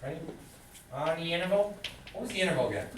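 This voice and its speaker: Lively male math teacher in echoey classroom. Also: a little high, quick pace, recorded from a distance, a little hiss or hum. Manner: lively, quizzes students, animated. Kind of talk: classroom lecture with questions to students. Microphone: camera far from the speaker.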